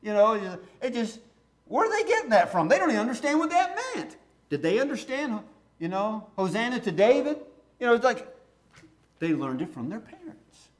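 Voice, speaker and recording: A middle-aged man, his voice very high-pitched and his pace moderate, preaches by first reading scripture aloud. He then walks through it in a lively, conversational style.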